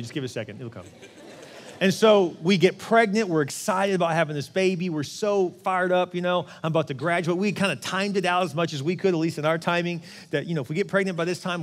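A middle-aged male pastor preaching a sermon, telling a personal story in an earnest way that swings from loud and fired up to quiet and hushed. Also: on the high side.

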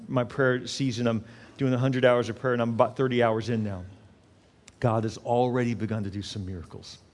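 A pastor preaching a sermon, moving from hushed, intimate prayer to loud, impassioned exhortation. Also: male voice, medium pitch.

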